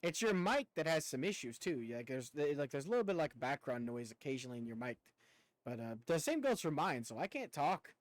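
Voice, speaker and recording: Young male streamer, slight rural twang, lively pitch, rambling casual talk. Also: brisk, no echo, rough recording. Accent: rural American Southern twang. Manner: rambling, talkative, casual swearing. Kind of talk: casual chat with viewers while gaming.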